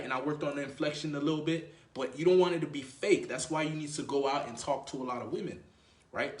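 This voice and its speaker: A man giving dating advice as a coach, talking loosely and profanely, full of "you know" and "right?". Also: medium pitch. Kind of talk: casual talking-head coaching. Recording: echoey room.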